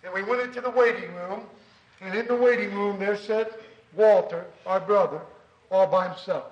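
High-voiced preacher in an echoey hall. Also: male voice, normal speed, highs cut off. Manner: earnest storytelling, drops soft and low for emphasis. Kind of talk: sermon.

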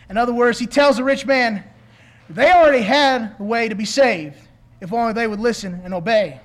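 High-voiced earnest male preacher. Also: fairly quick. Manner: earnest, pleading, with rhetorical questions. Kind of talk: sermon.

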